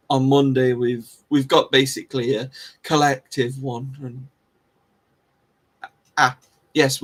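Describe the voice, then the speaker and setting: With a medium-pitched voice and a breathy edge, this man hosts a live stream. He chats casually with his viewers in a rambling, self-deprecating way, frequently restarting and laughing.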